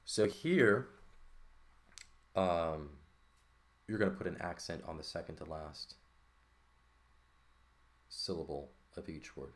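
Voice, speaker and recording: Very low male voice, relaxed teacher, thinking aloud. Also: takes it slowly, pauses often. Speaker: Greek teacher. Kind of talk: casual lesson walkthrough.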